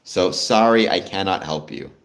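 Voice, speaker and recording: A fairly low-voiced Canadian man with a lively, swinging delivery, chatting loosely through a livestream. He reads out viewer comments and answers them in a relaxed, conversational way. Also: normal speed, gravelly. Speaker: livestream host. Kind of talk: casual live-stream chat with viewers.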